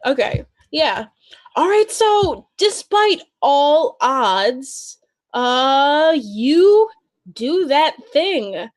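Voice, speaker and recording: A woman's voice: high-pitched, big pitch swings, extremely slow, no room sound. A woman running a tabletop role-playing game as game master, keeping count and prompting players for their actions.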